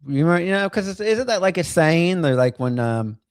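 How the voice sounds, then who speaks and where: A man's voice: on the high side, lively intonation, moderate pace, no echo, clean studio sound. A man hosting a casual livestream, rambling with many fillers and bursts of laughter. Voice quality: gravelly, creaky. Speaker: livestream host.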